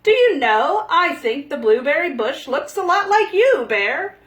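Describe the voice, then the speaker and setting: A woman voicing a wise, excitable female porcupine who exclaims loudly. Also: sits high, unhurried, pitched above the performer's own voice, full character voice. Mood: exclaiming. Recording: echoey room.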